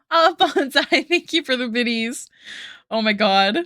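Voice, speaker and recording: Giggly high-voiced woman streamer. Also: a bit bright, no echo, clean studio sound. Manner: giggly, laughs often; effusive thanks to chat. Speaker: art streamer. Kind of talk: casual chat with viewers while drawing.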